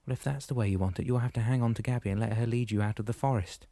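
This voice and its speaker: A man's voice: mid-range voice, fairly even intonation, dark tone, no room sound, natural voice. A man doing a bossy older brother. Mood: impatient. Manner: brisk, scolding.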